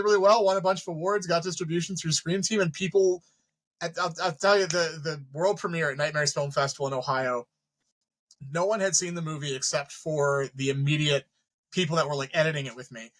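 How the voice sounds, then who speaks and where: Animated bright-voiced man telling stories. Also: a little high, brisk, poor audio. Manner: animated, swearing freely, acts out his own reactions. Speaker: filmmaker guest. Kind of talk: casual storytelling.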